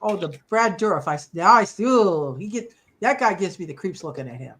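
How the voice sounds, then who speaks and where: A man's voice: high voice, expressive, fairly quick, a bit bright. A man reacting with short interjections during a casual chat.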